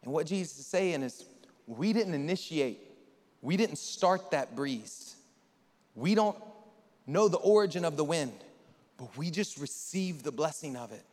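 A male pastor with a high voice delivers a lively, story-driven sermon. He keeps turning to the congregation to get them involved, and his voice carries a long reverb through the church hall. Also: a little slow. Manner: animated storytelling, addresses the congregation.

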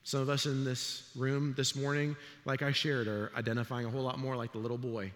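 Man, pastor, sermon, middle-aged, mid pitch, animated storytelling, echoey hall. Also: brisk. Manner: animated storytelling, acts out voices. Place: church sanctuary.

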